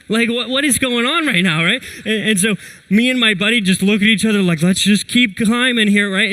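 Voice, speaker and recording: A young adult man preaching a sermon, telling a story with lively, animated retellings of what people said. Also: fairly high pitch, poor audio. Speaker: pastor.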